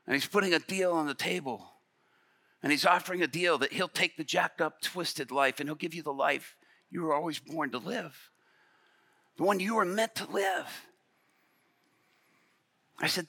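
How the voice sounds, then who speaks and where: Brief: male preacher, sharp bright voice, dramatic sermon storytelling, dry close mic. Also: fairly high pitch, normal speed, pauses often, dry recording. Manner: dramatic, swings from near whisper to loud.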